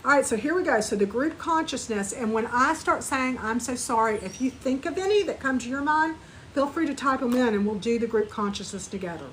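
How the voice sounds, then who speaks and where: A woman teaching a live online spiritual class, gently guiding listeners through an energy clearing and repeat-after-me compassion phrases. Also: a little high, fairly quick, slight background noise, rough recording.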